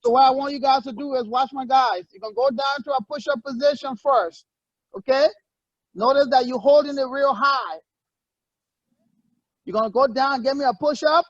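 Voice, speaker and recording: Male fitness coach, very high voice, energetic short commands; muffled lo-fi, dry sound. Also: no echo. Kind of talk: leading a workout session.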